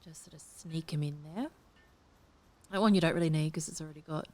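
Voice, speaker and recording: A woman's voice: low-pitched, fairly quick, warm tone. A woman talking through a game build, drifting between murmured comments and whispers to herself. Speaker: game build tutorial host. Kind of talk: casual gameplay commentary.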